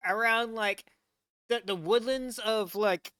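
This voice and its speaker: A man's voice: high voice, lively intonation, normal speed, pushed and bright, no echo, clean studio sound. A man from the United States hosting a casual reaction stream. He rambles, stammers and restarts constantly, fills every gap with "like", and swears when something surprises him. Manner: incredulous, swearing. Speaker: VTuber reaction host.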